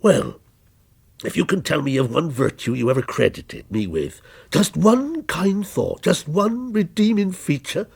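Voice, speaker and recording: A man playing a vengeful policeman who taunts with slow, cold menace, his voice gravelly and a little husky, rising and falling a great deal. A dark figure from a short story read aloud. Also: mid-range voice, sing-song, exaggerated voice. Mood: menacing. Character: menacing male policeman, a vengeful character come alive.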